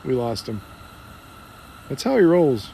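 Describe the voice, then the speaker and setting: A man's voice: mid-range voice, sing-song, measured pace, gravelly, mellow, a little hiss or hum. A rancher hosting a casual live stream outdoors. He chuckles often and talks in a folksy way to his animals and his viewers.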